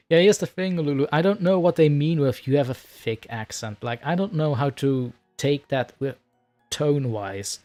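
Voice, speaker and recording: A man's voice: on the high side, unhurried, warm tone, soft background music. A man hosting a casual livestream, talking with a rambling, chatty manner and laughing often. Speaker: livestream host and story narrator.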